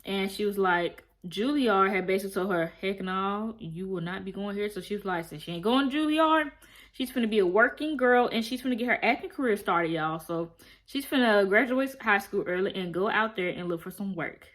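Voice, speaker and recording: A woman's voice: medium pitch, expressive, brisk, a bit bright. A young woman vlogger giving a casual, chatty recap of a TV episode, acting out quoted lines and addressing viewers directly. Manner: chatty storytelling, acts out quoted lines, talks straight to viewers. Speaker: TV review vlogger.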